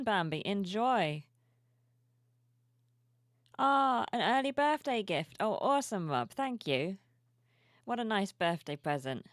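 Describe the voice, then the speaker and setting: At home in a room with plushies, a sleepy, yawning woman streamer chats softly and cheerfully with her viewers in a casual live stream, reading their messages aloud. Her voice is lowish, recorded with studio quality and no echo.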